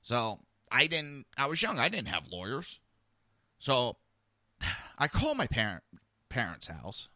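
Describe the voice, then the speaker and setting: A man's voice: medium pitch, wildly swooping pitch, a little slow, long pauses, pushed and bright, no room sound, clean studio sound. A man hosting a podcast, telling a personal story in a heated, rambling, blunt way. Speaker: podcast host.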